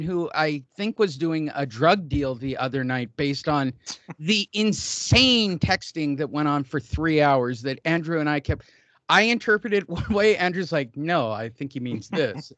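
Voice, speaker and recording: A man's voice: fairly high pitch, fairly bright tone, dry recording. Rambling joking podcast host man. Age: middle-aged. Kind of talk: casual banter podcast.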